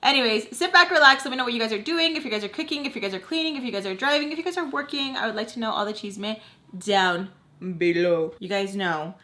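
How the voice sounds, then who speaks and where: A woman's voice: a little high, quick pace, pushed and bright. A young woman chatting casually to her viewers, gushing and bubbly, saying "like" a lot. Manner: gushing and bubbly, says "like" and "so freaking cute" a lot. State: tearful, crying with happiness. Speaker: storytime vlogger. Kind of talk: casual chat to camera.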